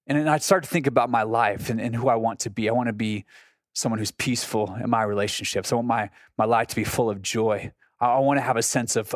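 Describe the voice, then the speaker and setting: A man in his thirties hosts a devotional podcast in an earnest, conversational tone, stumbling and restarting as he thinks aloud. His voice sits at a middle pitch and is recorded close and dry, with no room sound. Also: no echo. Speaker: podcast host. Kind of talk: reflective devotional talk.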